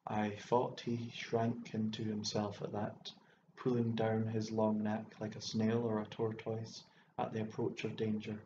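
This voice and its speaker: A man reading a short story aloud as narrator, in a measured, even storytelling manner. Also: fairly low pitch. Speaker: audiobook narrator. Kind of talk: scripted narration. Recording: echoey room, dull lo-fi sound, faint hiss.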